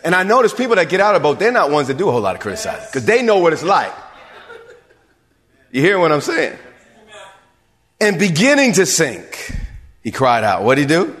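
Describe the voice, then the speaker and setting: A man's voice: a little high, big pitch swings, a little fast, long pauses, fairly bright tone. A man, a pastor, preaching a sermon to his church, building to emphatic calls and asking the congregation if they hear him. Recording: long reverb of a large hall.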